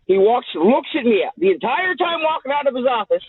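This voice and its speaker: A man hosting a show and telling a story in a casual, profane, animated way, acting out the people in it, with a tinny, dry sound. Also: extremely high pitch, brisk, breathy edge, no echo. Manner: animated, profane, acts out the people in his stories. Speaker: host.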